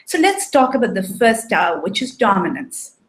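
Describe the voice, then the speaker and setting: A woman coaching on relationships, giving a measured explanatory talk and often checking in with "right?". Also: medium pitch, very animated, slight background noise. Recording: echoey room.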